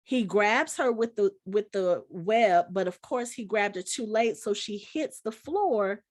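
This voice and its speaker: A woman's voice: medium pitch, animated, unhurried, a little mellow. A woman in her forties, a podcast co-host, chatting casually and acting out movie scenes as she retells them. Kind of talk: casual chat.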